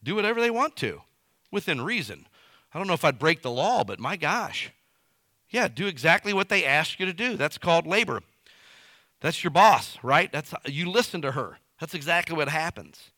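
Animated, bright-voiced male preacher. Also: a little high, normal speed, dry recording, studio quality. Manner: lively, conversational preaching with everyday stories. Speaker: pastor. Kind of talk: sermon.

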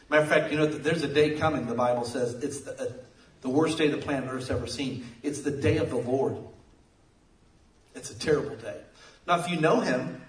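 A man preaches a sermon in a lively, fairly high voice that rises and falls widely. He tells jokey stories and breaks into sudden loud bursts. He sounds some way from the mic, with the echo of a roomy church hall around him. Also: fairly quick. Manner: animated, jokey storytelling with sudden loud outbursts. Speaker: pastor. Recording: echoey room, mic at a distance.

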